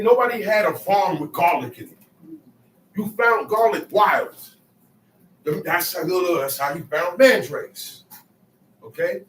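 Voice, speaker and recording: Guy preaching bible study, high lively voice, acts out quotes, echoey room and far mic. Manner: emphatic, acts out quotes, calls to listeners. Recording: echoey room, distant mic, faint noise.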